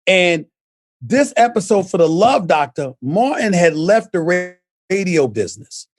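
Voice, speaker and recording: A middle-aged man telling a story in lively chat, acting out quotes with shouts and laughs. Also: sits high, unhurried, no echo, studio quality. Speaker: show guest and co-host.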